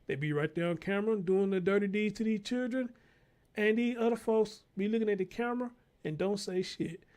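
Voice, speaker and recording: A man with a high, slightly fast, darkish-toned voice hosts his own show. He gives heated, profane commentary on news clips and calls out to his listeners like a preacher, sounding fired-up.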